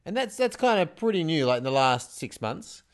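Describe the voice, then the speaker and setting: A man's voice: on the high side, very animated, fairly quick. Enthusiastic young man chatting casually. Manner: enthusiastic, rambling with fillers. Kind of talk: casual chat.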